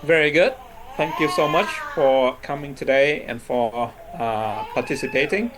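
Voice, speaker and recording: A man with a slightly high, animated voice speaks at a measured pace over some background noise. He's teaching an English lesson on word stress, patiently checking in with his class after each point with a steady stream of "right?" and "okay?".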